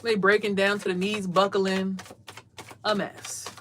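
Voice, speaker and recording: Here a woman hosts a relaxed livestream from a tiny closet, reading cards at a measured pace in a medium-pitched, level voice, with slight background noise. Her manner is insistent and sermonizing, she repeats herself often, and she mimics others loudly in sudden bursts.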